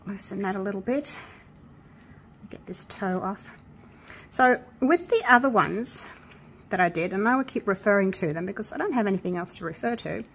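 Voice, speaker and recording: Excitable chatty woman crafter. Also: mid-range voice, moderate pace, a little hiss or hum. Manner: chatty and excitable, gushes with delight. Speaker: craft vlogger. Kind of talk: casual crafting tutorial chat.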